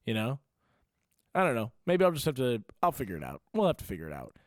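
A man's voice: medium pitch, huge pitch swings, fast talker, no room sound, studio quality. A young man hosting a podcast, telling stories in a rambling, filler-heavy casual chat. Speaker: podcast host.

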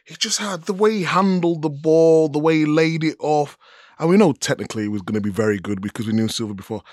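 A man's voice: fairly high pitch, a little mellow, no room sound, studio quality. Enthusiastic joking male co-host. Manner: enthusiastic, jokey, quick asides. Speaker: podcast co-host. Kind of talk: casual chat.

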